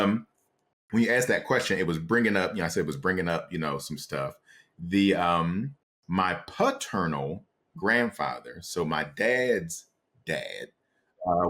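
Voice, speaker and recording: A man from Columbus, Ohio, a psychotherapist talking as a podcast guest, reflective and halting as he searches for his words. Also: low voice, fairly bright tone. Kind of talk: casual interview conversation.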